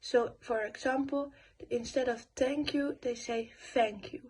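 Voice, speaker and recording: A young woman giving a school presentation voice-over, reading her notes with pauses and fillers. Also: high-pitched, fairly even intonation, a little mellow, slightly rough, rough recording. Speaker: student presenter.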